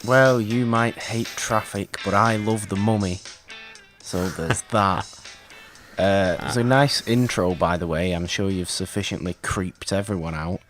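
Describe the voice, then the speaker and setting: A man's voice: low-pitched, measured pace, a bit bright, soft background music. A man co-hosting a casual movie podcast, teasing his friend in a dry way. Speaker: podcast co-host.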